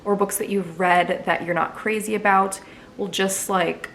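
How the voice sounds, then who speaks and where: A woman's voice: mid-range voice, steady tone, measured pace, a bit bright, a little hiss or hum. A young woman chatting casually in a vlog, answering viewer questions with lots of fillers. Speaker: book vlogger.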